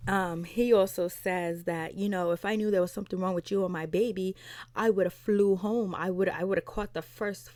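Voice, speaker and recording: A woman's voice: mid-range voice, fairly even intonation, normal speed, darkish tone, dry recording. A woman vlogger casually retelling a TV episode, acting out quotes from the cast and laughing as she goes. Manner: chatty, retells scenes with quoted voices, laughs. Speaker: TV recap vlogger.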